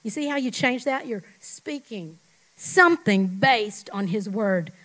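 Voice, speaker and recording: A middle-aged woman pastor preaching a sermon, emphatic, leading the congregation in call-and-response and dropping at times to a hush. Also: on the high side, expressive, unhurried, poor audio. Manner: emphatic, swings from loud to hushed.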